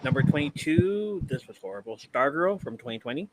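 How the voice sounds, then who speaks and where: A man's voice: mid-range voice, lively intonation, brisk. Profane, rambling man hosting a podcast. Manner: loose and profane, trails off and restarts. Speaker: podcast host. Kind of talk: casual podcast chat, counting down a ranked list. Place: live-streamed podcast. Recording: clear background noise with clicks.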